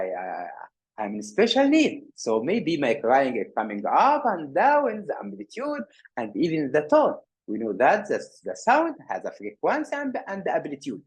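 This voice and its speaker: A man giving a workshop lecture on physical therapy, animated, often repeating words and restarting. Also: mid-range voice, breathy edge. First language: Arabic.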